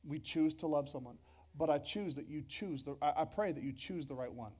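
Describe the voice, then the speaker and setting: In a church hall, a pastor delivers a casual, joking sermon to the congregation, often starting his phrases over. His voice is on the high side with a darkish tone, and he talks a little fast.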